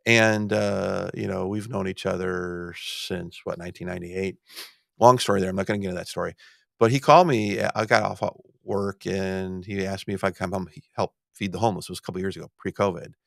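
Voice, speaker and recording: A man's voice: low voice, fairly even intonation, a little fast, vocal fry, no room sound, clean studio sound. A middle-aged man hosting a podcast, telling a long rambling story in casual talk, with many restarts and stammered repeats. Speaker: podcast host.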